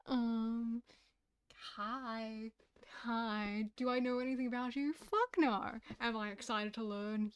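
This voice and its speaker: Casting: excitable woman streamer, casual chat, swears, a bit high-voiced. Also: clean tone. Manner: excitable, swearing, giggly asides. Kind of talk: casual game-stream commentary.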